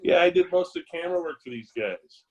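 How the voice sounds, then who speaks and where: A man's voice: sits high, lively intonation, fast talker, lo-fi sound. A man in his late forties, a podcast guest, telling old school sports stories in an easygoing, enthusiastic way. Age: late 40s. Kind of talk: casual reminiscing chat.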